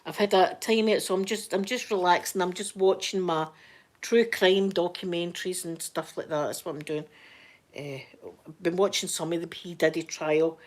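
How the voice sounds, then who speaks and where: A woman's voice: lowish voice, fairly even intonation, normal speed, darkish tone. Scottish lady chatting away on a live stream, rambly stories, lots of laughing. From Scotland. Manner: chatty, rambling storyteller who laughs a lot. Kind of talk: casual live-stream chat.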